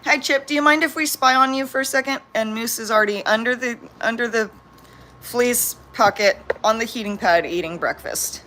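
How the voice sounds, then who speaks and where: A woman's voice: a little high, normal speed, sharp tone, a little hiss or hum. A young woman from San Diego, with a Californian accent and a hint of New York, chatting bubbly on a livestream to her viewers and her pets. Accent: Californian, slight New York. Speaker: vlogger. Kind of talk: casual livestream chat.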